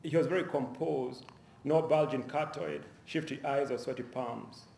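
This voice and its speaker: A man reads his own crime fiction to an audience in a university lecture hall, measured and steady, now and then restarting a phrase. His mid-pitched voice carries a roomy echo, with a faint hum of the hall behind it. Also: creaky. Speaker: author reading his fiction. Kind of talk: public reading of a novel.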